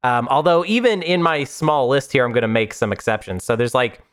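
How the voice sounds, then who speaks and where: A relaxed man in a casual board game chat, speaking at a middle pitch and hedging his points with "I mean" and "like". His delivery is easygoing, and he often trails into a joke. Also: brisk, clean tone. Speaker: co-host.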